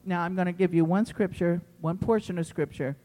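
A pastor preaching a sermon to his congregation in an impassioned, emphatic way, swinging between loud pleading and quiet teaching. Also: high voice, steady tone, fairly quick, big-room sound. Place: church sanctuary.

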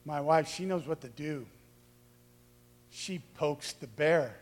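A man preaching a lively sermon, acting out quoted voices and shouting for emphasis. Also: fairly high pitch, slow, long pauses, long reverb tail. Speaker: pastor.

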